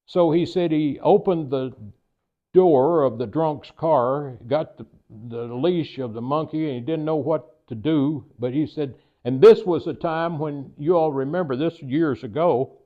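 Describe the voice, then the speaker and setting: A man's voice: on the high side, unhurried. An older man with a Kentucky accent, telling humorous anecdotes in an easygoing, folksy way to a local audience. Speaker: guest speaker. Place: private residence, talk to a local society. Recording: tinny phone-like recording.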